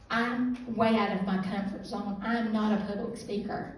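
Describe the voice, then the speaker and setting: A middle-aged woman giving a halting, emotional personal testimony as a guest speaker at a church youth service. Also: mid-range voice, fairly even intonation, a little mellow. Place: church hall. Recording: echoey room heard from a distance.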